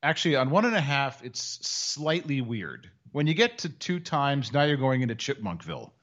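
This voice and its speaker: A man's voice: medium pitch, very animated, a bit bright. A man co-hosting a podcast, joking in a wry, casual chat. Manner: wry, joking, drawn-out explanations. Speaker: podcast co-host. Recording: dull lo-fi podcast audio.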